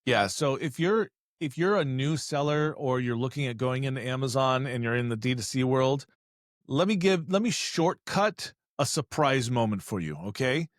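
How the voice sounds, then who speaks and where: A man chatting on a business podcast as an e-commerce expert, telling animated stories and acting out voices with joking asides. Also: mid-range voice, moderate pace, dry recording, clean studio sound. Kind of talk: casual podcast conversation.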